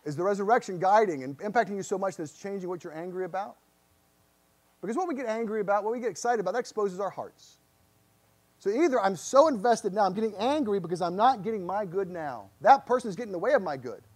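A man preaching a sermon in church, his voice pitched high for a man. He speaks earnestly, often repeating words as he presses searching questions on his congregation. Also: expressive, quick pace. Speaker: pastor.

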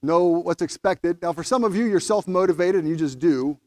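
A man's voice: sits high, normal speed, a little mellow, no room sound. A man preaching a sermon in a conversational way, stumbling over restarts and rising emphatically when he quotes scripture. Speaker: pastor.

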